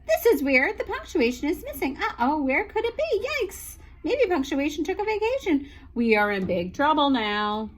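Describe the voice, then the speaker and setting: A woman's voice: high voice, sing-song, moderate pace, hardly any pauses, voice pushed up. A woman doing a flustered male teacher. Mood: alarmed. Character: flustered male schoolteacher, worried.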